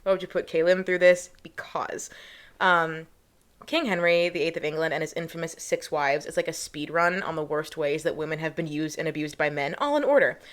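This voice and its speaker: Low-voiced woman hosting a chatty podcast. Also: moderate pace, fairly bright tone. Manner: bubbly, slangy, swears casually. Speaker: podcast co-host. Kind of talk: casual history podcast chat.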